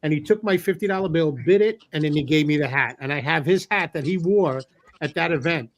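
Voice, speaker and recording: A man hosting a casual chat, telling a short story in a brisk, plain way. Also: fairly high pitch, low-quality recording.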